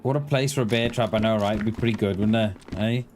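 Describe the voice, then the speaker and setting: A man's voice: lowish voice, fast, slight background noise. A man streaming a survival game, chatting casually and joking with a teammate. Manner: relaxed, joking banter with a teammate. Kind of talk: casual gameplay chat.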